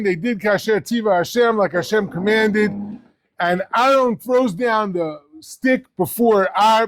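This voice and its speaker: A man's voice: high voice, no room sound. A man, head of a yeshiva, giving a casual Torah class on the weekly portion and quizzing his listeners with questions.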